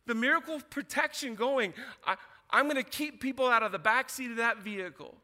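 A man preaching a sermon as pastor, emphatic and animated, often repeating words as he starts a thought. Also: very high-pitched, brisk. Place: church sanctuary. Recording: church hall with long reverb.

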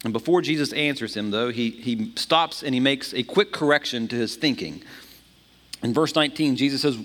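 Animated male pastor in a reverberant hall. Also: medium pitch, normal speed. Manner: animated, repeats words when starting phrases. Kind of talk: sermon.

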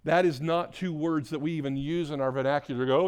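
A man preaching a church sermon as pastor. He swings between loud, emphatic exhortation and soft, hushed prayer, repeating words and restarting mid-phrase. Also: fairly high pitch, fairly even intonation, quick pace, smooth.

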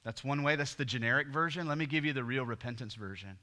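A middle-aged man preaching a sermon, swinging from loud emphasis to hushed near-whispers. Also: medium pitch, fast, few pauses. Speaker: pastor.

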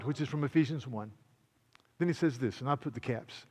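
Impassioned preacher in a reverberant hall. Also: male voice, medium pitch, lively intonation, a little fast. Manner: impassioned, swings from loud proclamation to quiet intimacy. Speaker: pastor. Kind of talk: sermon.

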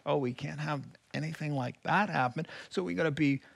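Pastor, male, gravelly higher voice, animated sermon delivery, loud to whispered. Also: brisk. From California. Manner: animated preaching, swings between loud and whispered.

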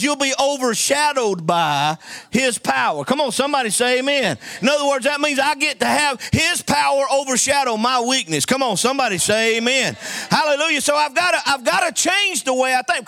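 A man's voice: extremely high pitch, animated, moderate pace, pushed and bright, no room sound. A man preaching a sermon, telling folksy stories and calling for amens from the congregation. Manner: call-and-response preaching, folksy storytelling.

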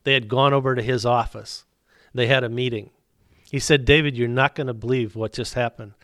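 A man's voice: mid-range voice, steady tone, brisk, a bit bright, no echo, clean studio sound. A middle-aged man, a business owner telling his faith story as a guest, acting out both sides of the dialogue. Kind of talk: storytelling testimony.

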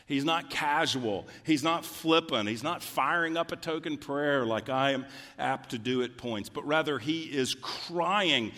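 A man's voice: medium pitch, bright, forceful tone. A man preaching a sermon as a pastor, reading scripture aloud and rising into fervent emphasis. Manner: deliberate, building to fervent emphasis. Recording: reverberant hall.

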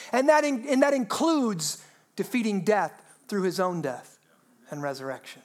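A woman pastor preaching a sermon in a lively, humorous way, asking her listeners rhetorical questions. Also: mid-range voice, normal speed.

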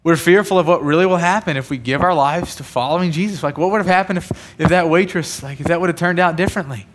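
A man's voice: on the high side, fast. A man preaching a sermon, telling personal stories in a conversational way and building to emphatic points. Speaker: pastor.

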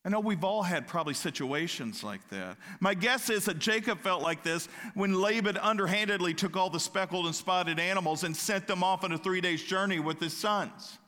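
A man preaching a sermon, animated, slipping into loud, high-pitched outbursts when he acts out what people say. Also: normal speed, hardly any pauses. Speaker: pastor. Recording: long hall reverb.

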